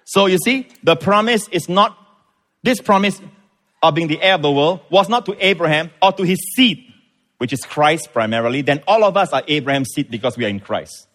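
A man's voice: fairly high pitch, expressive, a little fast, a bit bright. A middle-aged pastor preaches with emphasis. He repeats words as he builds a point and calls on his congregation for amens. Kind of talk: sermon.

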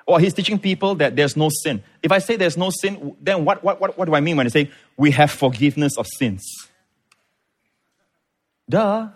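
A man's voice: fairly high pitch, a little fast, hardly any pauses. Man, middle-aged, pastor, emphatic sermon, calls for amens. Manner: emphatic preaching, repeats words, asks the congregation for amens.

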